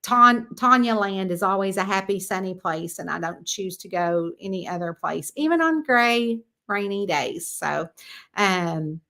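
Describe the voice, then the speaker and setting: A woman's voice: medium pitch, fairly bright tone. A middle-aged woman, an author hosting a casual live chat, rambling and chatty with lots of fillers.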